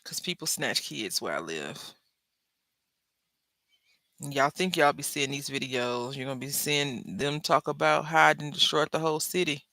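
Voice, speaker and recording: A woman hosting a crafting video, chatting and telling stories while she works, acting out quoted lines with big jumps in pitch and dropping to soft murmurs when she concentrates. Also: expressive, normal speed, creaky, dry recording. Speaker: crafting channel host. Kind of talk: casual chat while crafting.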